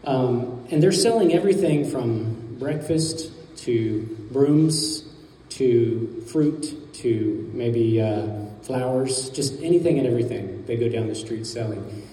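A man preaching a sermon to his congregation, telling a story in a relaxed, conversational way with some fillers. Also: medium pitch, slight background noise. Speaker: pastor. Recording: distant mic in a reverberant hall.

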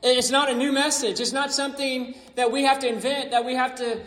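A man's voice: extremely high pitch, level tone, brisk, a bit bright. A man preaching a sermon as pastor, emphatic and repeating his key phrases. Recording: echoey hall.

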